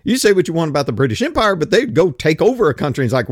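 A man's voice: fairly high pitch, very animated, brisk, slightly rough, no room sound, clean studio sound. A man in his fifties delivering a blunt, opinionated monologue, ranting and swearing casually. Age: 50s.

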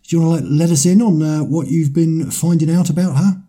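Dry, mellow-voiced British-based host. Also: male voice, a little high, brisk. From Britain. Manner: dry, ironic, hesitant with fillers. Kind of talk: casual show chat.

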